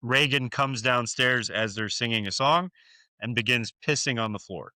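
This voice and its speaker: A man's voice: medium pitch, normal speed, sharp tone, clear, resonant tone, no room sound. A man co-hosting a podcast, casually retelling a horror film with lots of fillers and swearing. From United States. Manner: loose, profane storytelling with many fillers. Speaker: podcast co-host. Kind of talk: casual movie recap chat.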